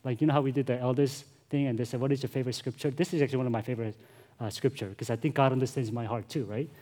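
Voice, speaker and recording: A man's voice: medium pitch, fairly even intonation, rapid-fire, mellow. A male pastor preaching a sermon, earnest and emphatic, often addressing the congregation directly.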